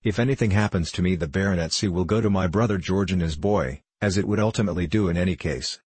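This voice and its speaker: A man's voice: sits low, fast, breathy edge, no echo. A man voicing a restless, hearty English baronet who longs for adventure, speaking earnestly in a storybook reading. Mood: longing. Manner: earnest, animated.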